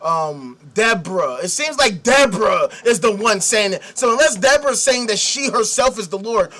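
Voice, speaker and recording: A man's voice: sits high, normal speed, hardly any pauses. A man hosting a podcast, reading a news article aloud and swearing his way through sarcastic commentary on it. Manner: animated, sarcastic, swears heavily. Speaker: podcast host.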